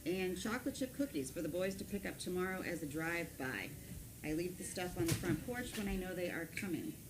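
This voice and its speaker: A woman reads viewer messages out loud in a plain, casual way at home. Her voice sits a little low, and clear background noise and clicks run under the recording. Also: expressive, fairly quick. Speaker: co-host reading out messages. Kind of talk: casual chat.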